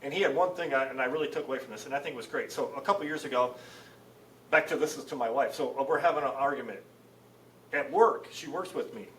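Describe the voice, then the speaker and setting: A man's voice: mid-range voice, quick pace, a little hiss or hum. A middle-aged man, a company chief, talking casually in a podcast and acting out dialogue as he tells stories. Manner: animated storyteller acting out dialogue. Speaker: CEO guest. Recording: roomy, distant mic with faint ambience.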